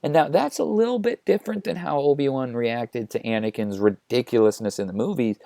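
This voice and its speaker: A man's voice: medium pitch, fairly quick, vocal fry, warm tone, no echo, clean studio sound. Man chatting through a comic retelling. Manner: casual, chatty, with many "like"s. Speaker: host. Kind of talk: comedic retelling of a story.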